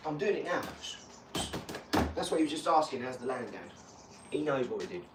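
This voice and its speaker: A man talking in a casual live chat, rambling and boastful, breaking into animated rants. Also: mid-range voice, brisk. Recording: echoey room, far from mic, faint hum.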